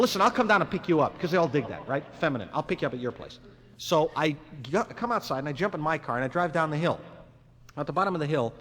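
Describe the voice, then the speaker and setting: A man's voice: mid-range voice, fairly bright tone. Man telling jokes in a reverberant hall. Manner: conversational, rambling, acts out dialogue. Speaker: stand-up comedian. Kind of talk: live stand-up monologue. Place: live venue with audience. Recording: 1961 live album, long hall reverb, faint ambience.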